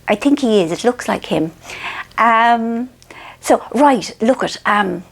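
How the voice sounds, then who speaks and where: A woman's voice: a little high, expressive, slow, vocal fry. A middle-aged Irish woman telling a rambling, self-mocking story in a casual monologue. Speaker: author and vlogger.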